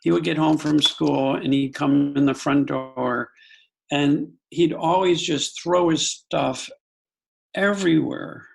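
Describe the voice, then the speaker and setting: Gravelly, husky older man telling a story. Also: fairly high pitch, takes it slowly, low-quality recording. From United States. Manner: calm, earnest, with self-corrections and quoted asides. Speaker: guest psychologist. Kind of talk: reflective storytelling in an interview.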